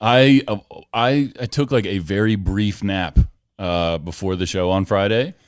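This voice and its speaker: A man co-hosting a podcast in casual chat, animated and laughing often, his voice jumping high when joking. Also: unhurried, smooth. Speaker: podcast co-host.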